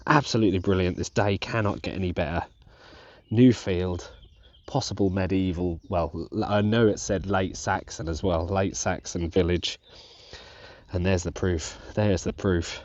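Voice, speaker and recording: A man narrating his metal detecting dig to viewers, giddy and breathless with excitement. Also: sits low, measured pace, dry recording, dull audio. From England. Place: outdoors in a field.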